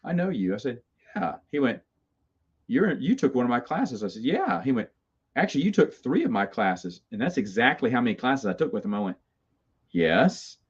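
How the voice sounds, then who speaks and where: A man's voice: mid-range voice, very animated, normal speed, slightly rough. A middle-aged man casually telling stories about his college days, rambling and self-amused, with stammered restarts. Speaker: host. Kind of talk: casual storytelling. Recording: slightly dull lo-fi sound.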